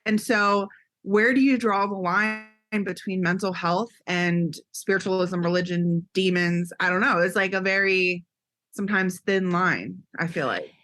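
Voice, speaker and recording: Woman co-host, kinda low voice, says what she thinks straight out. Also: unhurried, fairly bright tone. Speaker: podcast co-host. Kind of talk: casual podcast chat.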